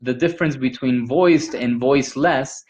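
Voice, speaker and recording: A man's voice: medium pitch, moderate pace, a little mellow, poor audio. A man leading a pronunciation workshop for teachers, explaining patiently with frequent fillers. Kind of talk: teaching conversation.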